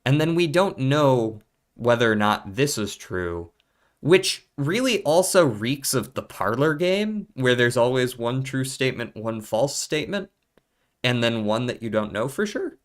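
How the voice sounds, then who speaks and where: A man's voice: medium pitch, very animated, unhurried. A man streaming a puzzle game, thinking aloud in a casual, profane mutter as he works through clues.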